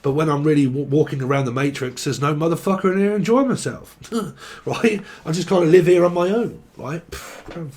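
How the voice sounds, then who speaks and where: A man's voice: a little high, expressive, moderate pace, darkish tone. A young man giving a casual tarot reading, joking, rambling and swearing freely. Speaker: tarot reader.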